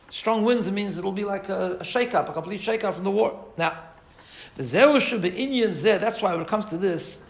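Male Torah teacher, slightly high pitch, explains text step by step and checks in often; recorded in an echoey room. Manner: explains Hebrew text line by line, checks in with "right?". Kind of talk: text-based Torah class.

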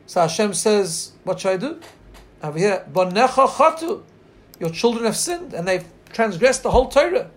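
A man giving a Torah class, telling a midrash with earnest storytelling and pausing to look up the text on a shared screen. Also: high voice, animated. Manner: earnest storytelling, slow drawn-out quotes. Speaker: Torah teacher.

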